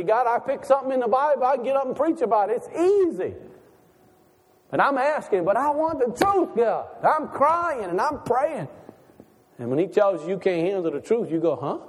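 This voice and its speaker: A man with a high voice preaches in a relaxed, folksy manner, peppering his sermon with rhetorical questions. His words ring out with the long reverb of a large church hall. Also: normal speed. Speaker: pastor.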